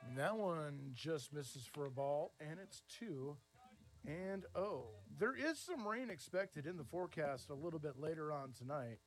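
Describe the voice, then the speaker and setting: A middle-aged man calls a baseball game play by play, talking through the pitches in an easy, chatty way. His voice sits a little on the high side and jumps up with energy when a ball is driven into the gap. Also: measured pace, soft background music. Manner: easygoing chatter between pitches, rising to lively excited calls on big plays. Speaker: play-by-play announcer.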